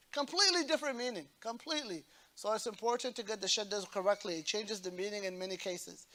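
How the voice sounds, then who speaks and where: Imam teaching recitation, slow demonstrations. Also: male voice, sits high, a bit bright. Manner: explains patiently, repeats slow demonstrations of recited phrases. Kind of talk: religious lesson on recitation.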